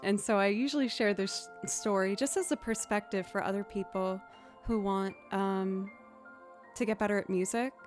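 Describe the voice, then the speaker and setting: A woman's voice: medium pitch, steady tone, normal speed, soft background music. A young woman chatting casually on a live stream, self-deprecating and encouraging as she talks viewers through her practice. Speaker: musician streamer.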